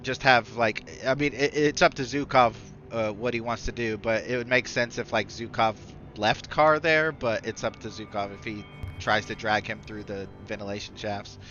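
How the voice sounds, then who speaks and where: A man's voice: on the low side, steady tone, normal speed, a bit bright, faint music behind. A man narrating a tabletop game as game master, rambling with many fillers and restarts, in a dull lo-fi recording.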